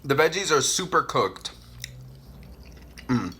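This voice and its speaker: A young adult man from Puerto Rico chatting casually while eating on camera, loud and playful with frequent hums of enjoyment. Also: on the high side, big pitch swings, slow, a little hiss or hum. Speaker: mukbang vlogger.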